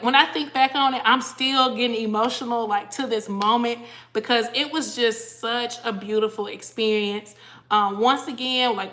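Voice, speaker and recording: A woman's voice: on the high side, fairly bright tone. A tired woman chatting casually on a livestream, greeting viewers by name and reading their comments aloud. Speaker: cruise vlogger hosting a livestream.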